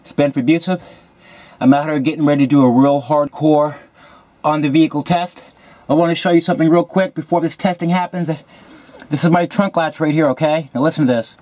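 Breathless high-voiced car audio guy. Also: fairly even intonation, a little fast, darkish tone, no echo. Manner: loose, chatty, explaining while working. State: slightly out of breath. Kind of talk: casual on-camera demo talk. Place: outdoors by a car on a sunny street.

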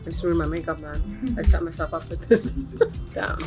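A woman's voice: lowish voice, lively intonation, moderate pace, music in the background. A woman, a friend of the bride, chatting casually and affectionately. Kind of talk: casual chat.

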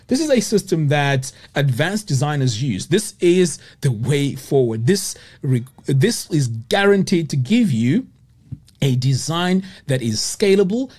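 Using a mid-range voice, a man teaches web design through a screen-share software tutorial. He explains each step and often checks in with "okay?"

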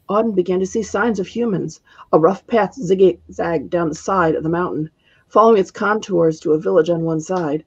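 A woman author reading her own fantasy story aloud in a steady narrating voice. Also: lowish voice, vocal fry, husky, highs cut off.

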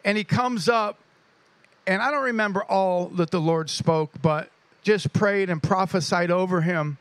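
Pastor, male, fairly high-pitched, lively church intro and prayer, dry close mic. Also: a little slow, clear, resonant tone, no echo. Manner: animated storytelling with laughs. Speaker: pastor introducing a guest speaker.

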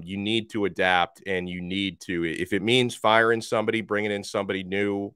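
A man's voice: lowish voice, fairly bright tone, smooth, no room sound, clean studio sound. A man hosting a sports podcast, reading listener tweets aloud and reacting frankly in a casual, chatty way. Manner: frank, conversational, reacts with laughs. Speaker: podcast host.

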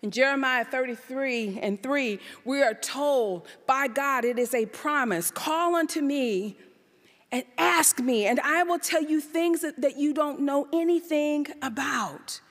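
A woman pastor preaching an animated sermon to a church congregation, full of rhetorical questions and sudden calls out. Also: sits high, unhurried. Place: church sanctuary. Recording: live church service in a reverberant hall.

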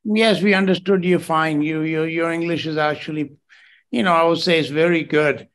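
A man hosting an online fellowship, answering callers in a calm, reassuring way with many fillers. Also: a little high, moderate pace. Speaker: fellowship host. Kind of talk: warm pastoral chat.

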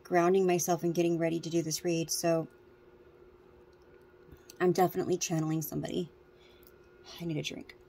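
A woman's voice: lowish voice, little pitch movement, normal speed, long pauses, dark tone, a little hiss or hum. A woman tarot reader, out of breath, chatting casually and rambling to her viewers. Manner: rambling, restarts often.

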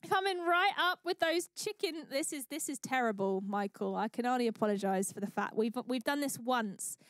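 A woman's voice: on the high side, lively intonation, normal speed, fairly bright tone, dry recording, clean studio sound. A woman hosting a charity livestream, gushing and effusive as she thanks viewers one by one. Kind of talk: live stream chat thanking donors.

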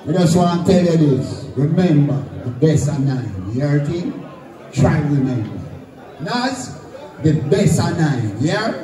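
A man from Jamaica hosting a sound clash, chatting in patois. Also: a little high. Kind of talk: hyped dancehall hosting. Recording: loud roomy live venue from a distance. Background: crowd and dancehall music.

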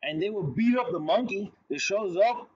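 Husky man giving a casual lecture. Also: high voice, animated, moderate pace, highs cut off. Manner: conversational, storytelling with asides and restarts.

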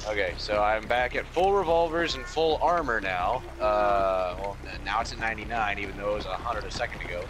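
A man's voice: on the low side, a little fast, hardly any pauses, background noise. A man from Germany, a native German speaker, chatting casually and swearing while he plays a game. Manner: swears a lot, gets loud when frustrated. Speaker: gamer. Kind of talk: casual gameplay chat.

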